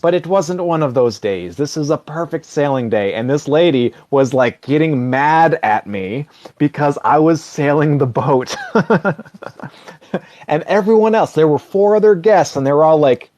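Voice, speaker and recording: A man's voice: fairly high pitch, lively intonation, moderate pace, darkish tone, dry recording. A man giving a casual comic reading, wry and digressive, chuckling at his own asides. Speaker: social video reader.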